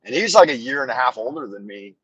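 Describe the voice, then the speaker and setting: A man's voice: mid-range voice, lively intonation, fast, fairly bright tone, slightly rough, no echo, dull audio. Rambling man chatting from his car. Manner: meandering storytelling, self-deprecating humor. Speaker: live streamer. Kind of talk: rambling live stream chat. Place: car while driving. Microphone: phone on a camera mount.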